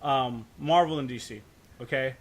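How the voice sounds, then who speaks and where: Speaking at normal speed in a medium pitch, a man co-hosts a casual podcast, rambling loosely and swearing. Restarts trip him up, and he frequently checks in with "right?"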